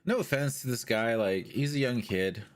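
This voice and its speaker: A man's voice: mid-range voice, moderate pace, slight background noise. A man co-hosting a casual podcast chat, retelling a story and acting out the people in it. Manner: animated storyteller, acts out quoted lines. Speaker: podcast co-host.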